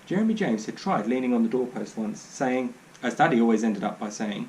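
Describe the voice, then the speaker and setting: A man's voice: mid-range voice, lively intonation, fairly quick, darkish tone, a little hiss or hum, low-quality recording. A man reading a children's book aloud in a dry, wry narrating manner. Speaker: storyteller.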